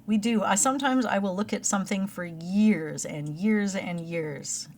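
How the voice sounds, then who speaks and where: A woman's voice: medium pitch, moderate pace, darkish tone. A middle-aged woman with a Canadian accent, co-hosting a casual chat and telling stories with frequent laughs. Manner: chatty, laughs often, storytelling. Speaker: podcast co-host.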